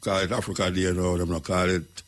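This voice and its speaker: A man's voice: sits low, flat delivery, brisk. A man with a Jamaican accent, talking as a radio host in an emphatic, preaching way, repeating his points. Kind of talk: talk radio commentary.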